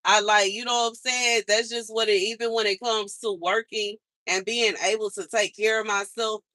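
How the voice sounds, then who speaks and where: Young woman, livestream host, bright tense voice, dry close sound, frustrated repetitive venting. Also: medium pitch, fairly even intonation, normal speed, no echo.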